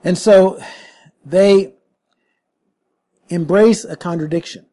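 A man's voice: high-pitched, takes it slowly, mellow. A middle-aged man preaching a sermon, reading scripture and then explaining it in an earnest, conversational teaching manner. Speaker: pastor.

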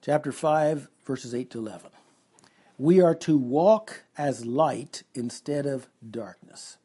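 A man's voice: mid-range voice, slow pace, mellow, slightly rough. A man preaching an expository sermon, reading scripture aloud and earnestly explaining it verse by verse.

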